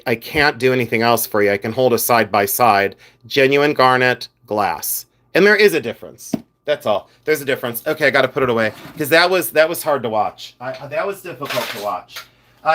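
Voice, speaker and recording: A man's voice: medium pitch, fairly bright tone. A middle-aged man hosting a casual jewelry livestream, blunt and a bit exasperated, with lots of "uh" fillers.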